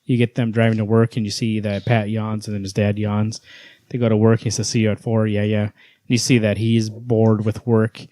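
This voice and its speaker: A man's voice: on the low side, flat delivery, fairly quick, mellow, no echo. A man co-hosting a casual podcast, talking enthusiastically and retelling scenes with quoted lines. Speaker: podcast co-host. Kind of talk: casual comic book chat.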